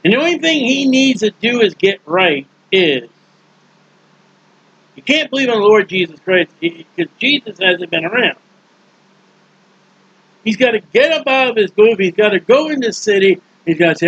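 High-voiced husky preacher, casual Bible teaching. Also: male voice, animated, normal speed, fairly bright tone, no echo, muffled recording. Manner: folksy, acts out characters in asides.

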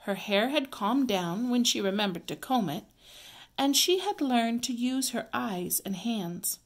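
A woman teacher reading a children's story aloud, clear, expressive and measured. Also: a little high.

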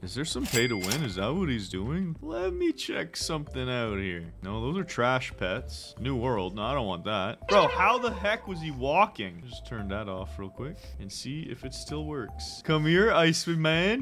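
A young man hosting a gaming channel, joking through excited commentary, jumping between loud shouts and mumbled asides. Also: medium pitch, a little slow, few pauses. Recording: game music behind voice.

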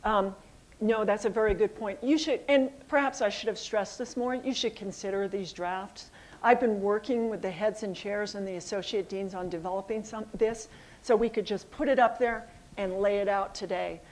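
A middle-aged woman, a college dean, answering audience questions in a hall, a little hoarse and pausing with ums and uhs. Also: mid-range voice. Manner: thoughtful, with frequent ums and uhs. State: losing her voice a little. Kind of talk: public address with audience Q&A. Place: assembly hall.

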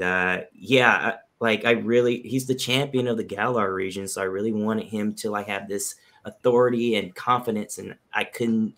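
Low, gravelly man answering hesitantly. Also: a bit bright. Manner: hesitant, many ums, sincere. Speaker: voice actor guest. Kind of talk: panel Q&A answer.

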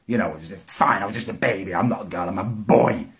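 A man delivering an indignant comic rant, swearing and climbing high in pitch as he gets outraged. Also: fairly quick, gravelly, fairly bright tone. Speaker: comedy ranter.

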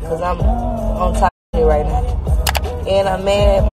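A tipsy woman rants on a casual vlog, filmed on a phone from the passenger seat of a moving car. She sounds heated and slangy, swears freely, and her voice sits at a middling pitch. Loud music plays in the car behind her. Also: measured pace, low-quality recording. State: tipsy from drinking. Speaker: social media personality. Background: music playing in the car.

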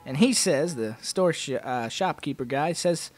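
A man's voice: fairly high pitch, lively intonation, measured pace, faint music behind. A man playing a video game and commenting, rambling goofily and telling jokes. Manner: goofy, rambling joke-telling. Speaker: let's play host. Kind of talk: let's play commentary.

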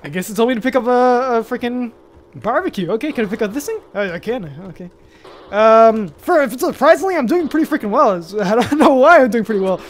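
A man's voice: very high voice, lively intonation, fairly quick, slight background noise. A man playing a video game and talking to himself as he goes, rambling with lots of fillers, restarts and mild swearing, hot and sweating in a costume in his bedroom. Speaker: gaming YouTuber. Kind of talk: casual let's-play commentary.

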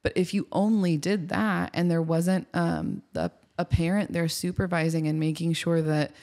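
A woman podcast host who trains dogs, giving practical advice in a steady, explanatory way. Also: on the low side, normal speed. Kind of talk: casual podcast conversation.

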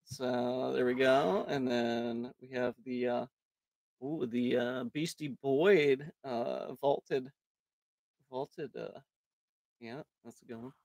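A man's voice: mid-range voice, fairly even intonation, takes it slowly, creaky, a little mellow, dry recording, clean studio sound. A man hosting a live card break stream in casual chat, jokey and self-mocking, rambling with fillers and laughing often.

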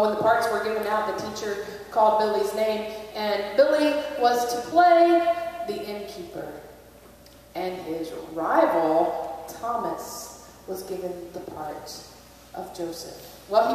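A woman's voice: mid-range voice, darkish tone, a little hiss or hum. A woman pastor giving a Christmas Eve sermon, telling a story in a conversational way. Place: large church sanctuary. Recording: echoey church hall, distant mic.

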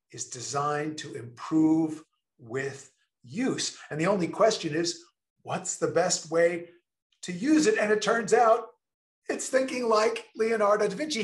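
A man presenting over a video call, enthusiastic and emphatic. His voice sits somewhat high for a man and he talks very slowly, leaning on key words. The sound comes from an echoey room. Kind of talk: online presentation.

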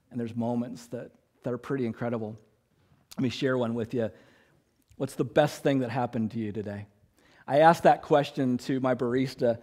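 A male pastor delivering a sermon in a relaxed, conversational way. His voice sits at a middle pitch, and he keeps things light with small jokes. He slips into quick acted-out dialogue as he tells his stories. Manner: conversational, joking, acts out quotes.

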